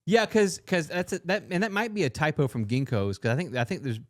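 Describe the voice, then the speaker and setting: A man's voice: fairly high pitch, very animated, brisk, no room sound, studio quality. A man co-hosting a comedy podcast, eagerly playing along with rambling asides. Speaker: podcast co-host.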